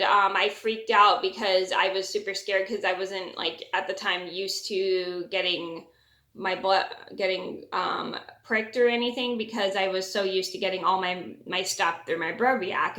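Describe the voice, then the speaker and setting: A woman's voice: mid-range voice, pushed and bright. A young woman telling a personal story in a chatty vlog, with many fillers and restarts. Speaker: vlogger. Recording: echoey room.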